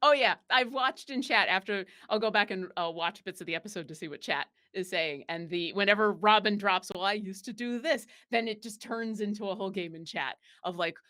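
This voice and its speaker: A woman from Buffalo, New York, is a guest player in a casual interview, speaking in a pushed, bright, medium-pitched voice at a brisk clip with hardly any pauses. She rambles with many fillers and restarts and laughs easily.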